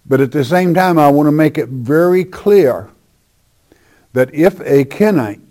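A man teaching from the Bible in sermon style, emphatic and repeating his points, often dropping soft at the ends of lines. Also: on the high side, expressive, measured pace. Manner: emphatic, repeats phrases, drops softly at line ends.

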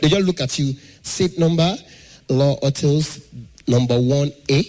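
A man doing an animated stand-up comedy set, slipping into pidgin and acting out the characters in his stories. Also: fairly high pitch, unhurried. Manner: animated, acts out mothers and airline staff in pidgin.

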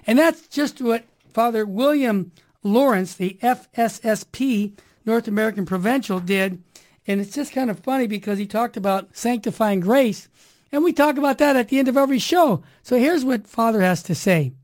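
A woman hosting a Catholic radio talk show, delivering an energetic, preachy monologue full of upbeat catchphrases. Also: a little high, normal speed.

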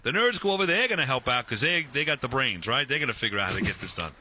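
Bright-voiced man telling an animated story. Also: mid-range voice, rapid-fire, slight background noise. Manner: animated, restarts, acts out dialogue. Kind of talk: casual storytelling chat.

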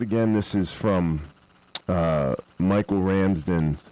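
A man hosting a casual commentary, talking in a relaxed, rambling way before playing clips. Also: lowish voice, low-quality recording. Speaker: host introducing clips.

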